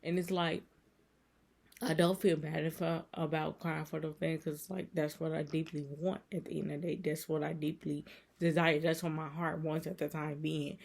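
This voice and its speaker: A woman's voice: low-pitched, level tone, normal speed, creaky, darkish tone. A woman creator giving a casual, earnest devotional talk, rambling and repeating herself as she encourages her viewers. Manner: rambling and repetitive, circling back on her points; earnest and emotional. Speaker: faith content creator.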